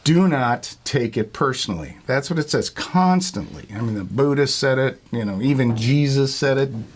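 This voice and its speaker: A man's voice: medium pitch, animated, moderate pace, hardly any pauses, slight background noise. A middle-aged man, a longtime retail worker, telling casual stories in a rambling, profane way and laughing as he goes. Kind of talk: casual storytelling.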